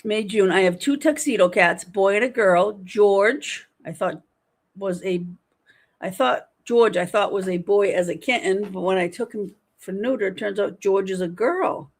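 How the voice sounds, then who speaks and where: A woman's voice: medium pitch, moderate pace. A woman in her fifties hosting a casual livestream from home, chatting animatedly and reading viewer comments aloud. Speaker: livestream host.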